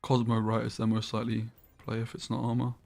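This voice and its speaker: A man's voice: mid-range voice, completely flat delivery, quick pace, gravelly, a little mellow, soft background music. A man streaming a card game live, thinking aloud about each play and swearing casually as he goes.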